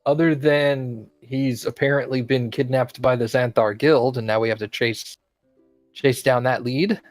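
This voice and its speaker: A man taking part as a player in a tabletop game, asking questions in a measured, polite way. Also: mid-range voice, steady tone, no room sound, soft background music.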